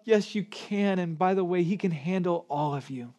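A middle-aged man preaching a sermon as pastor, earnest, rising to emphatic peaks and dropping to hushed prayer. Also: fairly high pitch, a little fast, hardly any pauses. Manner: earnest, swings between emphatic rises and soft hushed prayer.

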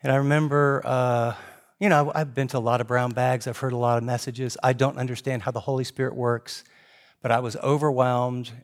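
Older male pastor for a chatty, lively sermon, mid-pitched voice. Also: fairly quick. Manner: animated, swings into high excited emphasis and drops to quiet asides. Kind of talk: conversational sermon.

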